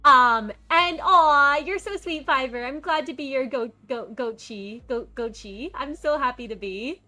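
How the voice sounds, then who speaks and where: A bubbly woman streamer chatting casually with her viewers, reading their messages aloud and greeting newcomers into a desk microphone. Her voice is high and bright, with faint music playing behind her. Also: a little slow. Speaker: game streamer. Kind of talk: casual live-stream chat.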